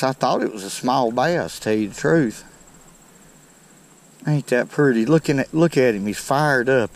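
Folksy man with a gravelly voice. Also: mid-range voice, a little hiss or hum. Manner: folksy, exclaiming over each catch. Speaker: fishing channel host. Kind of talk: casual outdoor narration to viewers. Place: outdoors by a creek.

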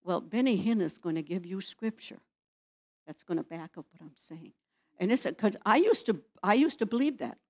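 A woman's voice: mid-range voice, lively intonation, normal speed. A woman pastor preaching in a church, firing rhetorical questions at the congregation. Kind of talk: sermon.

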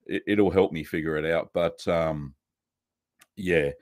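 An Australian man hosting a casual live stream, chatting in a relaxed way and greeting viewers one by one. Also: low-pitched, unhurried, dry recording, clean studio sound.

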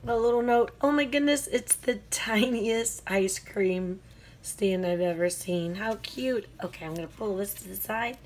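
A woman's voice: mid-range voice, unhurried, a little hiss or hum. Woman crafter unboxing a swap on video, takes her time, gushes oh my gosh nonstop, faint paper crinkling behind. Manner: gushing, effusive exclamations; talks to the sender directly. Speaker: craft vlogger.

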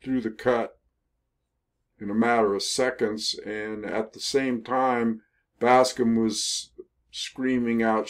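An older man telling a history story in a casual, rambling way, with many pauses, fillers and self-corrections. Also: fairly low pitch, flat delivery. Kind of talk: casual spoken history narration over photos.

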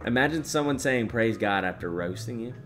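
Young male streamer, casual and jokey, mutters then bursts out loud; light music bed. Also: medium pitch, lively intonation, brisk. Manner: jokey, repeats a catchphrase, swings from mumbling to loud bursts. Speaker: streamer reading chat. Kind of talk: casual live-stream chat.

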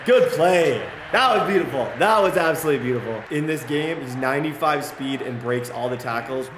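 A young man playing a football video game, reacting loudly and cheering or yelling at each play as a gaming commentator. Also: medium pitch, brisk, echoey room, background noise. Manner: excitable, yells and cheers at plays. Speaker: gaming YouTuber.

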